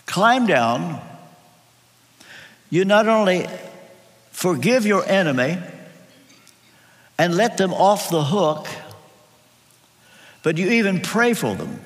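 An older male pastor delivers a sermon in an earnest storytelling way, leaning on pauses and repeated phrases. He talks slowly, with a lively voice that rises and falls widely and sits a little high. His words ring out with a long reverb in a large church hall.

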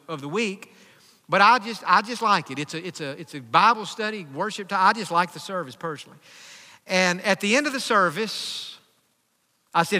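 A male pastor preaching a sermon, telling a story with emphatic, rising delivery that builds to near-shouts. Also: sits high. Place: church sanctuary. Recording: church hall with long reverb.

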